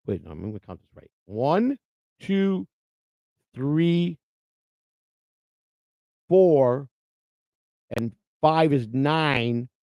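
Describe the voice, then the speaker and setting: A man's voice: mid-range voice, darkish tone, no echo. A man hosting a live stream in casual chat, overjoyed and near tears, talking emotionally with lots of stammering and repeated words.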